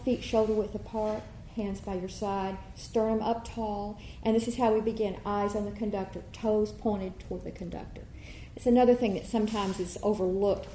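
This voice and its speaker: A woman choir director giving a workshop, explaining and demonstrating warm-ups and singing vowels for her listeners. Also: mid-range voice, slight background noise. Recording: echoey room with faint ambience.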